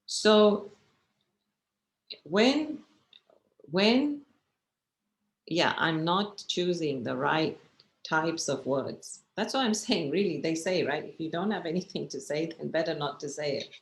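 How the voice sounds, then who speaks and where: A woman's voice: sits low, expressive, slow, pauses often, reverberant. A woman meditation teacher giving a chatty, encouraging workshop talk over a video call, often checking in with her listeners.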